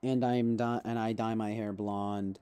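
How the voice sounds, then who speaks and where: A young man livestreaming at night from home, drunk and rambling, joking at his own expense and laughing often, with sudden loud outbursts. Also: fairly low pitch, little pitch movement, a little slow, smooth. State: intoxicated. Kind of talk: rambling livestream chat to viewers.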